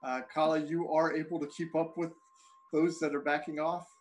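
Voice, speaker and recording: Game master, man with a slightly high voice, halting narration of a tabletop game. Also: little pitch movement. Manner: halting, with fillers while describing scenes.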